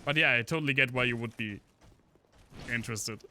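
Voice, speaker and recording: A man's voice: medium pitch, brisk, sharp tone, a little hiss or hum. A man casually commenting on a game stream, joking and chatting with his viewers while he plays. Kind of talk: casual gameplay commentary to chat.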